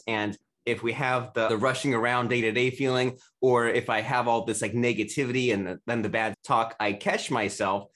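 A man's voice: mid-range voice, fairly bright tone. Rambling male podcast host. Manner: rambling, full of "like" fillers. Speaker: interviewer host. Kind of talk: casual interview chat.

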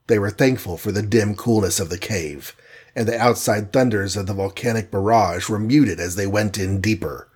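A man narrating an adventure storybook aloud in a steady, dramatic reading. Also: on the low side, moderate pace, slightly rough.

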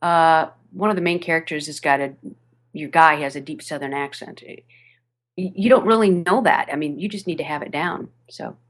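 A woman with a fairly low voice talks about her narration work in a relaxed interview. She speaks animatedly, laughs often and restarts her sentences as she goes. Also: moderate pace. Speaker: audiobook narrator. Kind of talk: podcast interview chat. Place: home studio over a video call.

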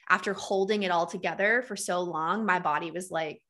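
A woman's voice: lowish voice, brisk. A woman in her thirties as a podcast guest, telling her own story in a candid, casual way full of "like" and "um". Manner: frequent "like" and "um" fillers, candid and animated.

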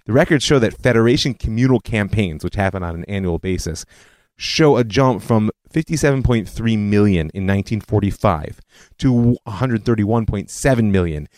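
A man hosting a history podcast, telling it as a scripted lecture with animated storytelling and personal asides. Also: fairly low pitch, dry recording.

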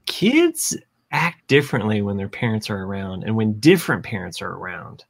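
A man's voice: on the low side, big pitch swings, moderate pace, creaky. A man in casual podcast chat who acts out quoted voices. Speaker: podcast co-host.

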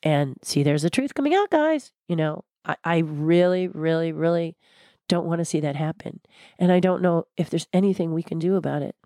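Older woman guest, low-pitched, dry close sound, outspoken and passionate. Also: normal speed, dry recording. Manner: passionate, blunt, animated storyteller. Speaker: guest, former theme park designer. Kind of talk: candid interview conversation.

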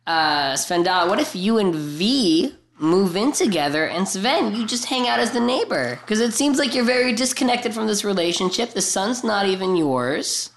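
A woman's voice: mid-range voice, animated, moderate pace, hardly any pauses, reverberant, a little hiss or hum. A woman hosting an improvised comedy call-in show, asking probing questions in a mock-earnest talk-show way. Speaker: comedy podcast host playing a talk-show host.

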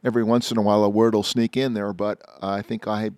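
A male podcast host with a low voice chats casually and warmly with his guest. His speech is friendly and loose, with hesitant fillers. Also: little pitch movement, fast talker, no echo, studio quality. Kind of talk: casual interview chat.

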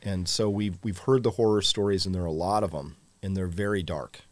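A man's voice: low-pitched, steady tone, a little fast. A man co-hosting a casual talk show, chatting in a conversational way and reading viewer comments aloud. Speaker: podcast co-host. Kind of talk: casual chat with live audience.

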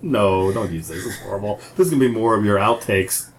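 A man's voice: fairly low pitch, fairly quick, a little hiss or hum. A man co-hosting a casual podcast, joking crudely and laughing often. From Hispanic heritage. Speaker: podcast co-host. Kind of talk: casual banter.

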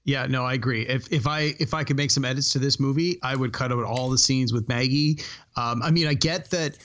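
A man co-hosting a casual movie podcast, talking in a halting way with many restarts and fillers. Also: medium pitch, fairly bright tone. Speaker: podcast co-host.

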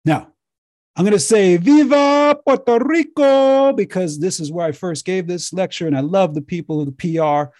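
A man's voice: fairly high pitch, a little fast, warm tone, no room sound. Emphatic man lecturing, dry and close. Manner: emphatic, preachy, repeats himself. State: getting hoarse. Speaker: speaker addressing viewers. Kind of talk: impassioned lecture-style talk.

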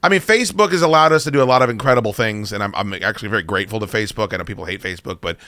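A man's voice: fairly low pitch, racing, sharp tone, no room sound. A man from the United States hosting a podcast, chatting casually in a rambling, profane, opinionated way. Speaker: podcast host. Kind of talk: casual chat.

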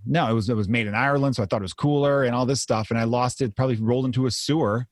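A man's voice: medium pitch, fairly even intonation, racing, no room sound, studio quality. A comedian in his thirties, telling rambling stories in a casual podcast chat and swearing freely. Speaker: comedian guest. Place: home.

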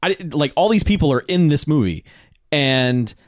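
A man's voice: a little high, lively intonation, moderate pace, dry recording, studio quality. A man co-hosting a podcast, reviewing a film in rambling, profane, enthusiastic chat. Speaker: podcast co-host. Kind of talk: casual movie review chat.

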